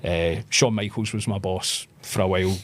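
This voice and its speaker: A man's voice: low voice, moderate pace. Scottish man spinning wrestling yarns. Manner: animated anecdotes, acts out quoted voices. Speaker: podcast guest, pro wrestler. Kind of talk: casual storytelling interview.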